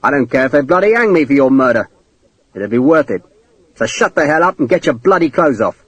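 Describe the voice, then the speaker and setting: A man's voice: mid-range voice, very animated, a little fast, no echo, dull audio. A man doing a menacing hard-bitten soldier. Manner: threatening, clipped. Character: hard, menacing male rifleman.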